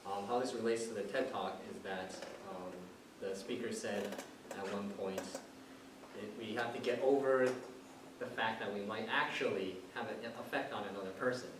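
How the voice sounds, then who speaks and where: A man's voice: fairly low pitch, normal speed. A man giving a chatty impromptu speech at a club meeting, telling a personal story. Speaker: club speaker. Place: meeting room. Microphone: distant room mic. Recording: echoey room, far off, noisy.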